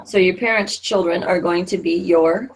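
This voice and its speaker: A woman's voice: on the low side, moderate pace, vocal fry, a little hiss or hum. A middle-aged woman teaching a Spanish class, explaining patiently with many fillers and restarts.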